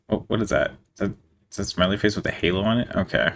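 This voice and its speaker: A man's voice: deep voice, steady tone, a little fast, vocal fry. A young man in casual reaction commentary, reading messages aloud, amused, laughing often and stumbling over words.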